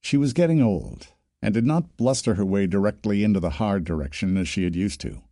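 A man narrating a science fiction audiobook with a measured, even reading. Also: fairly low pitch, dry recording, studio quality.

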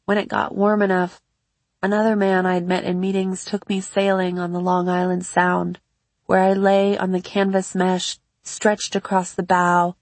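A woman with a somewhat low, breathy voice reads a memoir in scripted audiobook narration. Her delivery is measured and reflective, and the recording is close and dry. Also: completely flat delivery, no room sound. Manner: measured, reflective first-person reading.

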